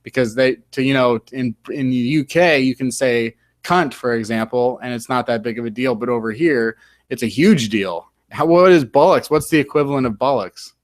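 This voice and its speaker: A man's voice: medium pitch, moderate pace, no room sound. Rambling American man, dry close mic. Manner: rambling, filler-heavy, fond of mock British slang. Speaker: podcast host. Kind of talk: casual podcast chat.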